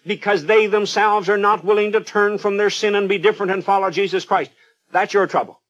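Guy doing a radio sermon, high voice, fervent and pleading, keeps asking the listener questions. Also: steady tone, fairly quick, a bit bright, muffled recording. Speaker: radio preacher.

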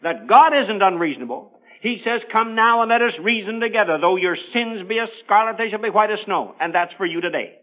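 A man's voice: high-pitched, lively intonation, a little fast, hardly any pauses, sharp tone, poor audio. A man preaching a sermon on the radio, telling a Bible story with earnest, rising emphasis.

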